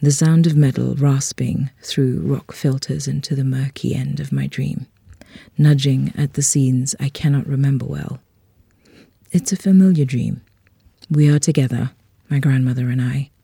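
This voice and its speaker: Reader for a literary short story: gravelly, very dark tone, husky edge, dry close mic, measured and unhurried. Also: mid-range voice, steady tone, dry recording.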